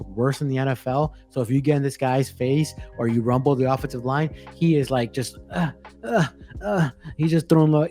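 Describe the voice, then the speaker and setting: A man's voice: mid-range voice, mellow. A man co-hosting a sports betting podcast, rambling and ranting with many restarts in casual chat. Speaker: podcast co-host.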